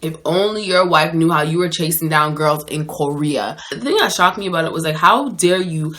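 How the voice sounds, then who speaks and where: A woman with a low voice tells a dating storytime to her viewers. She talks casually and chattily, leaning on "like" as she goes. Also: normal speed. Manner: chatty, animated, lots of "like". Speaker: vlogger.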